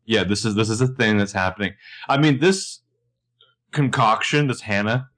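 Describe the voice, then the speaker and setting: A man co-hosting a podcast, recapping a TV episode in casual chat and acting out the characters' lines with bursts of shouting. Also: normal speed. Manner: animated, acts out characters' lines in shouts and high voices. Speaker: podcast co-host.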